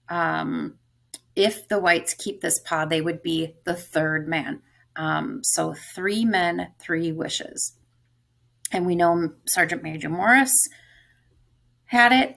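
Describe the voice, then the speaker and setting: A woman's voice: lowish voice, creaky, a bit bright. A woman teacher leading a close-reading lesson, thinking aloud about a story's clues. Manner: thoughtful, musing aloud.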